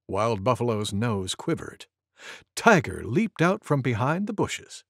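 A man reading a storybook aloud to preschoolers in an expressive, playful way. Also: mid-range voice, a little slow, no room sound, clean studio sound. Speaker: storybook narrator.

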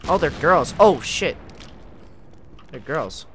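A man's voice: a little high, animated, slow, fairly bright tone, a little hiss or hum. A young man streaming a video game, talking casually and swearing often, with frequent frustrated outbursts at the game. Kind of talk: live gameplay commentary.

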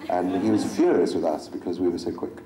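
A man's voice: low voice, lively intonation, fast. A middle-aged man joking wryly as a convention panel guest before an audience. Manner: wry, dry self-mocking humor. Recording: echoey hall with crowd noise.

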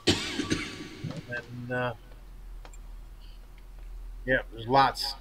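A man's voice: mid-range voice, wildly swooping pitch, extremely slow, sharp tone, a little hiss or hum, poor audio. A man hosting a live stream, chatting in a friendly way and laughing often. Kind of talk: casual chat.

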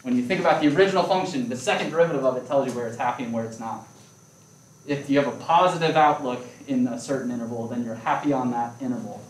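A man's voice: mid-range voice, fast talker. A man teaching a calculus class, explaining ideas playfully and checking in with questions. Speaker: math lecturer. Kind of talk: classroom lecture. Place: lecture room. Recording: echoey lecture room, distant mic.

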